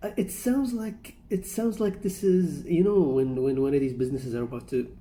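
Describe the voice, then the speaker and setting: A woman's voice: low-pitched, fairly even intonation, normal speed, warm tone. A woman reacting to a comedy clip in casual commentary, chatty and amused. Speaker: reaction video host.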